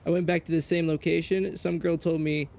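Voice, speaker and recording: A man streaming a game, telling a story in casual chat, animated and profane, jumping between loud outbursts and low mutters. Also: fairly quick, gravelly. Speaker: gaming streamer.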